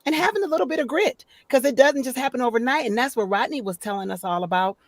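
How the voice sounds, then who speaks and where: A woman's voice: high voice, fast talker, no echo. Upbeat woman on a dry video call. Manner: expressive, upbeat storyteller who acts out quotes. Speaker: guest, author and voice-over talent. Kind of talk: casual interview chat. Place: home office.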